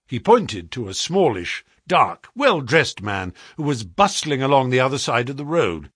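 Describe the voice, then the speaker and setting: Man narrating a storybook, husky voice, lively pitch, dry close sound. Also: measured pace, few pauses, no room sound. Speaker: audiobook narrator.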